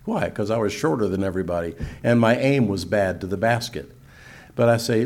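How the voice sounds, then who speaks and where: An older man preaching and teaching, reading scripture slowly and solemnly between folksy asides. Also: lowish voice, animated, darkish tone. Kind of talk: sermon-style teaching.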